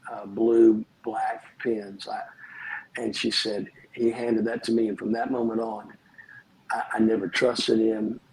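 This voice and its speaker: A man, a pastor and podcast guest, telling earnest, animated stories about forgiveness in casual conversation. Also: medium pitch, vocal fry, poor audio.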